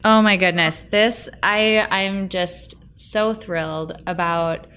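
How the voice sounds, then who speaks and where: A woman's voice: mid-range voice, takes it slowly, fairly bright tone, clear, resonant tone. A woman hosting a podcast interview, gushing and enthusiastic toward her guest. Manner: gushing, enthusiastic, says oh my gosh. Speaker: podcast host.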